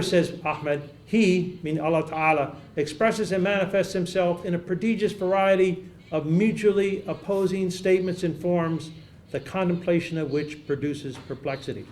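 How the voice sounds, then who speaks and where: A man delivers a measured academic lecture, pausing to repeat key phrases and quoting sources with care. His voice sits a little high. The sound carries the echo of a large lecture hall. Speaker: academic speaker. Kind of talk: conference lecture.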